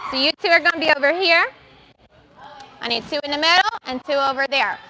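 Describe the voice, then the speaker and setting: A young woman runs a gymnastics practice and calls out brisk cues and praise to her young athletes. Her voice sits high and sounds bright and clear. She keeps the instructions quick and encouraging. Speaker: gymnastics coach. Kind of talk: live coaching in a gym. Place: gymnastics gym.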